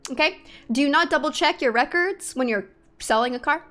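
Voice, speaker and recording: A woman's voice: high voice, brisk, a bit bright. A young woman streamer chatting casually to her viewers, venting with exasperation, swearing freely and laughing in disbelief.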